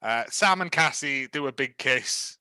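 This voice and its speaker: A man's voice: mid-range voice, animated, a little slow, sharp tone, clean tone, no echo. A man, co-hosting a casual film review podcast and retelling the plot with jokey asides. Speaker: podcast co-host.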